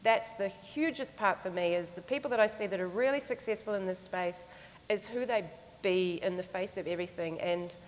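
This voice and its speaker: A woman's voice: mid-range voice, big-room sound, slight background noise, poor audio. A woman giving a conference talk, telling a story in an earnest, reflective way. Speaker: conference speaker.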